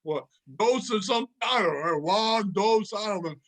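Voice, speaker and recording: A man putting on a brash Italian-American wiseguy voice, ranting loudly. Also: high voice, animated, normal speed.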